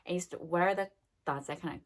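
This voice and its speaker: A woman's voice: on the low side, fast. A young adult woman giving a casual, rambling self-help talk, full of fillers and acted-out quotes. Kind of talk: casual monologue.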